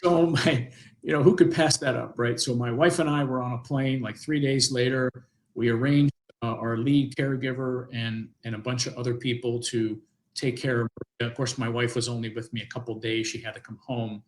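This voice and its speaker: A man's voice: mid-range voice, steady tone, a little fast, poor audio. An older man, a guest on an interview show, telling a personal story in a rambling way, with many restarts and acted-out quotes.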